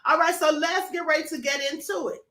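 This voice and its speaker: A woman's voice: sits high, fairly even intonation, a little fast, pushed and bright, roomy sound. A woman hosting a live stream for members, chatting casually, greeting viewers by name and calling them honey and beloved. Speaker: host. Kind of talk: livestream talk to members.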